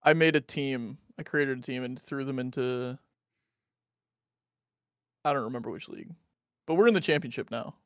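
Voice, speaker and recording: A man's voice: mid-range voice, normal speed, long pauses, dry recording, studio quality. An American man guesting on a stream, chatting in an easygoing, apologetic way and laughing easily. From United States. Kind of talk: casual chat.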